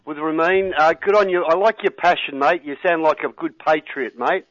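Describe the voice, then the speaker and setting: A man's voice: on the high side, normal speed, a bit bright, dry recording, lo-fi sound. An Australian man calling in to a radio show, earnest and rambling, often saying mate. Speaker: caller. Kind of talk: call-in radio talk.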